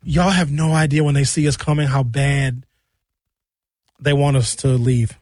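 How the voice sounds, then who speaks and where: A man's voice: medium pitch, level tone, unhurried, darkish tone, no room sound, studio quality. A man delivering an opinionated, mocking rant as a monologue. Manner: ranting, mocking. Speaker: commentator.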